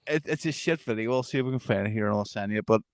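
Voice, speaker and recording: A man's voice: fairly low pitch, racing, dry recording. A man, co-hosting a podcast, telling stories in sweary casual banter while hungover. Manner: sweary storytelling, frequent laughs. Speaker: podcast co-host.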